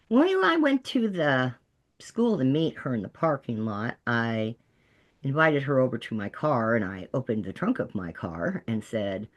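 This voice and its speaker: A middle-aged woman who works as a peer counselor, telling stories to a group in a lively way and acting out the voices of the people she quotes. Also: very deep voice, moderate pace. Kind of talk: storytelling talk to a peer audience.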